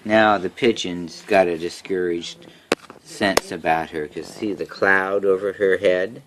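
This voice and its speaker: Slow low-voiced man reading a picture book. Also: steady tone, background noise. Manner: slow, gentle storytelling. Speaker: parent reading to a child. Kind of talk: picture-book read-aloud to a child.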